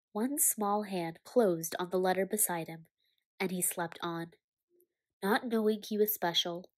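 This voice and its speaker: Low-voiced woman reading a storybook. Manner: measured, expressive storytelling. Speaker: audiobook reader. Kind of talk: storybook narration.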